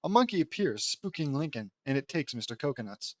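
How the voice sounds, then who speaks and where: A man's voice: on the high side, very animated, brisk, no echo, studio quality. Man casually reading his own fan fiction. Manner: stumbling restarts, amused asides. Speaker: audiobook reader and author.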